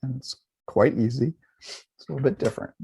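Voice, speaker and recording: A man leading a guided meditation, talking in a relaxed, unhurried way with some fillers and restarts. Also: medium pitch, vocal fry, a little hiss or hum. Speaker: meditation teacher.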